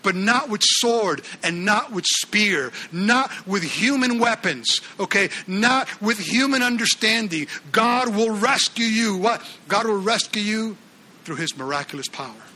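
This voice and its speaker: A man preaching a sermon in an animated way, acting out the Bible characters' lines and often restarting his phrases. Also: high voice, a little slow. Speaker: pastor.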